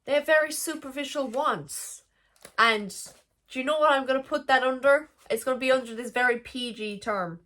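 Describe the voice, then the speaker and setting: A woman's voice: high-pitched, moderate pace, sharp tone. A young woman vlogging a frank, emotional confessional monologue, swearing freely as she talks.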